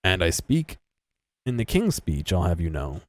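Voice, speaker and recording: A man's voice: low voice, big pitch swings, moderate pace, mellow, husky, no room sound, pitched below the performer's own voice, full character voice. A man playing a pompous posh old bearded gent. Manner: posh old-fashioned speech, fussy.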